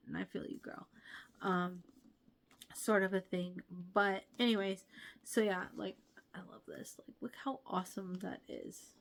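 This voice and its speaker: A woman's voice: mid-range voice, fairly even intonation, moderate pace, gravelly. A young woman hosting a casual book review vlog, gushing and chatty with many fillers.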